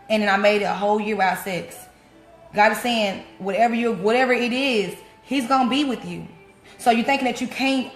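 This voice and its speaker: A woman with a fairly high voice preaches in a loose, everyday way and circles back to her key phrases again and again. Her words ring in an echoey room. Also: a little fast, soft background music. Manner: repeats key phrases, plain casual speech. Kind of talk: informal sermon to camera.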